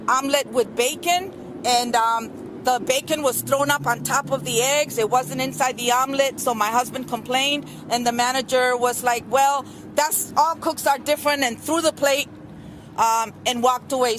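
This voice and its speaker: At an outdoor press conference, a middle-aged woman speaks in a high, earnest voice with a fairly bright tone, rambling through her account with many ums and restarts. Faint street and traffic noise can be heard behind the news camera recording.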